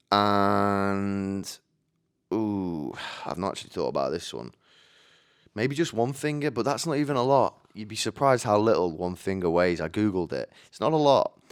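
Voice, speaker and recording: Hosting a solo podcast into a studio microphone, a man rambles chattily, restarting often and swearing casually. His fairly low voice is clear and resonant.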